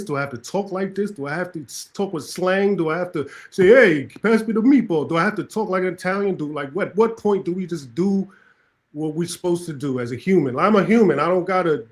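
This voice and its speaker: A man's voice: sits high, brisk. A man on a podcast panel making an emphatic point with a string of rhetorical questions. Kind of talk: casual panel debate.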